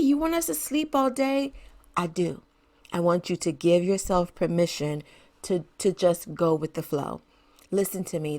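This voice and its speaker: A woman's voice: on the low side, darkish tone. A middle-aged woman hosting her own podcast, talking casually and encouragingly to parents and laughing often. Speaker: podcast host. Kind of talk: casual solo podcast talk.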